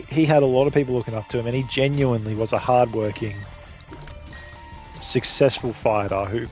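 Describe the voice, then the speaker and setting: This gaming streamer is an Australian man with a medium-pitched, somewhat dark voice. He talks casually as he streams a game, rambling between topics and cursing freely.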